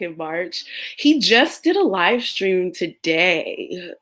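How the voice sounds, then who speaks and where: A woman's voice: lowish voice, slow pace. A young American woman chatting casually on a live stream, telling stories with lots of laughter and playful impressions of other people. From United States. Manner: animated storytelling, laughs often, mimics others. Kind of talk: casual chat.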